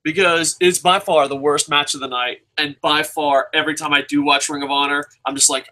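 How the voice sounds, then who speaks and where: Bright-voiced, swearing wrestling reviewer man. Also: a little high, a little fast, hardly any pauses, low-quality recording. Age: adult with a son. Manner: rambling, swearing heavily, excitable. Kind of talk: casual profane rant.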